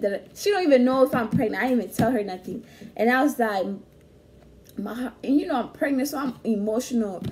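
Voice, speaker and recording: A young woman telling a story in casual chat, animated and slangy, laughing often. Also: on the high side, fairly quick, a little hiss or hum. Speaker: vlog host.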